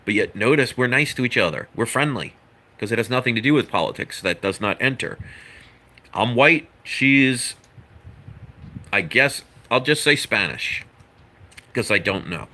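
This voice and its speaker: Male vlogger, earnest and preachy, bright tense voice, mid pitch. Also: lively intonation, normal speed, pauses often. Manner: earnest, lecturing, rambling with asides. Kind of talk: opinion monologue to camera.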